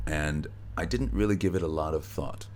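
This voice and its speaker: A middle-aged actor, a guest in an interview, telling stories in a relaxed way with easy laughs, recorded backstage at a theatre. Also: male voice, rumbling low, normal speed, a little hiss or hum. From United States. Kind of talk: conversational interview.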